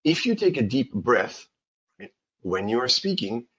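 Man, teacher giving a seminar, expressive husky voice, emphatic check-ins, dull lo-fi sound. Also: mid-range voice, slow pace. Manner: animated, emphatic, frequent checks like okay and right. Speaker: English teacher. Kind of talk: seminar talk. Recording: dull lo-fi recording.

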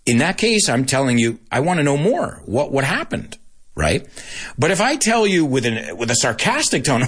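Male podcast teacher, husky, very animated pitch, laughs a lot. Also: normal speed. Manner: animated, sings snippets and switches into Spanish; laughs often. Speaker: English teacher podcast host. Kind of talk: casual podcast lesson.

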